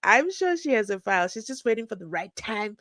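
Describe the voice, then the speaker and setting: A woman's voice: on the high side, big pitch swings, brisk, fairly bright tone, dry recording. A woman hosts a live stream, reading out chat comments and telling stories in a chatty, teasing way. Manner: chatty and playful, teasing, laughing at her own jokes. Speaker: livestream host.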